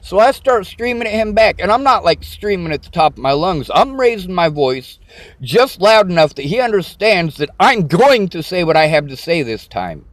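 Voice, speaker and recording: A man's voice: high-pitched, sing-song, normal speed, dry recording. A man venting to camera in an agitated, profane, repetitive rant. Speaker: vlogger. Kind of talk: angry personal rant to camera.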